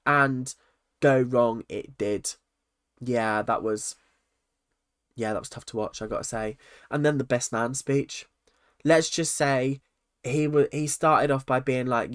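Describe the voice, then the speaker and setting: A man's voice: mid-range voice, moderate pace, a bit bright, no room sound. Young male vlogger, exasperated ranting commentary, dry close sound. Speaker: reaction vlogger. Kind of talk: casual commentary on a reality show.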